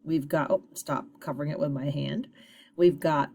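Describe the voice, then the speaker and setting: A woman teacher giving a phonics lesson to children, sounding out syllables slowly and encouragingly. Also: low voice, creaky, mellow.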